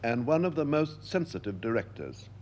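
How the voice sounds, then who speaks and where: Older man telling lively anecdotes. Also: medium pitch, moderate pace, dull audio, a little hiss or hum. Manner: lively storyteller, acting out quoted voices. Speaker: interviewed actor. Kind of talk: anecdotal interview talk.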